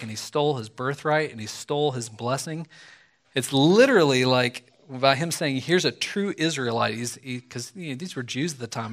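Man preaching a conversational sermon. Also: mid-range voice. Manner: conversational, animated, acts out quoted speech.

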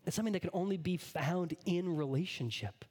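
Husky-voiced earnest pastor. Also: male voice, high-pitched, a little fast. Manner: earnest, building to hushed whispers. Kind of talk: sermon.

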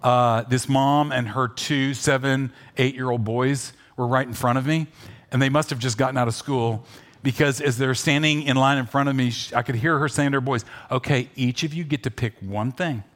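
A man pastor preaching a sermon, telling a story with animated swings between loud urging and quiet asides. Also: mid-range voice, normal speed.

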